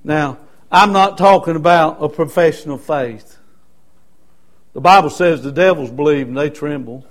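Baptist pastor, high voice, preaching hard, repeats himself, lots of uhs. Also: male voice, moderate pace. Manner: emphatic preaching with repetition and fillers. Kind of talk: sermon.

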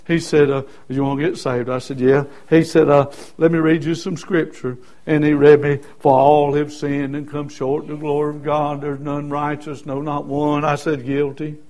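A man preaching a sermon as a personal testimony, in a folksy way, going from soft, quiet stretches to loud shouted peaks. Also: on the high side, flat delivery, moderate pace, few pauses.

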